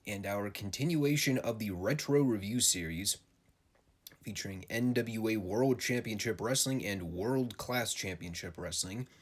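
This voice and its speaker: A man hosting his own wrestling podcast, talking casually and jokingly with some swearing and plenty of filler words. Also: on the low side. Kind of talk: casual solo podcast commentary.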